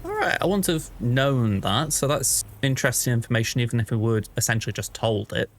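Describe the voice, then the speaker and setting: A man's voice: mid-range voice, sing-song, fairly quick. Chatty man doing game commentary. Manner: chatty, upbeat. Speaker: let's play host. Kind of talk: casual gameplay commentary.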